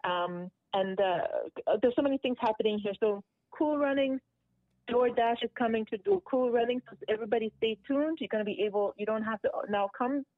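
A woman from a community association calling in to a radio show, giving upbeat announcements and shout-outs. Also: a little high, fairly quick, dry recording. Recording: tinny phone line.

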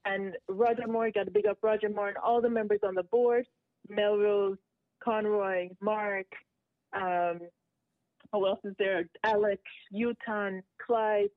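A woman from a community association calling in to a radio show, giving upbeat announcements and shout-outs. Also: medium pitch, fairly even intonation, a little slow, no room sound. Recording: tinny phone line.

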